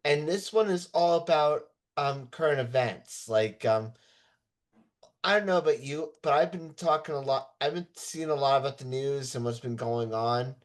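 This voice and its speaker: A man at an open mic, introducing his poem casually and hesitantly, with frequent pauses. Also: mid-range voice. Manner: hesitant, with many fillers and restarts.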